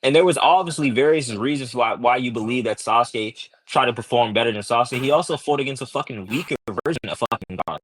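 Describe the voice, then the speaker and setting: A man's voice: medium pitch, quick pace, husky, low-quality recording. A man in a heated online debate, cursing constantly and tagging his points with "right?" and "okay?". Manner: profane, combative, repeats "right?" and "okay?".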